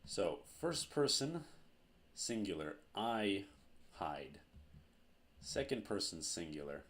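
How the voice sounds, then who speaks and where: A man with a very low voice gives a grammar lesson at a board. He goes through each verb form slowly and deliberately, repeating as he writes. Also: sing-song, a bit bright. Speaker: teacher.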